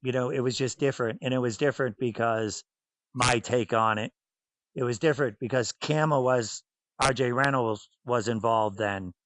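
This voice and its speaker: A man's voice: mid-range voice, moderate pace, a bit bright, no echo, rough recording. A man in his fifties with a Boston accent, a former racer telling stories bluntly in a casual interview. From New England, south of Boston. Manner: blunt, storytelling, acts out voices in anecdotes. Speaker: former racer and team owner.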